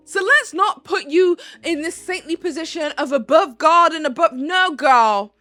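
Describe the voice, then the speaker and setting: A woman's voice: high voice, expressive, sharp tone, dry recording, faint music behind. Heated British woman ranting. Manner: heated, swearing, emphatic with slow stressed phrases. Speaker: commentary YouTuber. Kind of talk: commentary rant.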